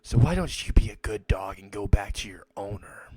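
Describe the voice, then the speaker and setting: A man voicing a sinister, vengeful young male adventurer who taunts in a low, menacing way. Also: animated, normal speed, mellow, husky, dry recording.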